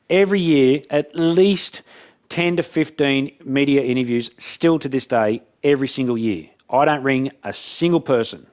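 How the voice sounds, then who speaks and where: A man giving a talk, telling jokey stories in an animated way. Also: on the high side. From Australia. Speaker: motivational speaker. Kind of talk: storytelling keynote talk.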